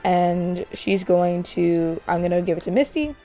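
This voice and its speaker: A woman's voice: fairly low pitch, animated, a little slow, warm tone, faint music behind. A woman hosting a casual let's-play, chatting as she narrates her game. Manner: chatty, narrates while playing. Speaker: gaming channel host.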